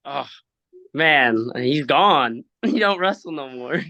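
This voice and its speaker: A man's voice: medium pitch, expressive, takes it slowly, gravelly, sharp tone, muffled recording. A man being interviewed on a podcast, answering in a laid-back, slangy, joking way. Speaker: wrestler guest. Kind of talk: casual interview chat.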